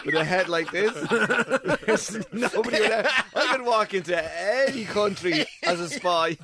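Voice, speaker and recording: A man from Ireland with an Irish accent, a comedian chatting on a radio show and telling stories with loud put-on voices. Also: a little slow, crowd noise. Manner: animated storyteller, bursts into loud high-pitched impressions and laughter. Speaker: comedian guest. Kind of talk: casual radio chat.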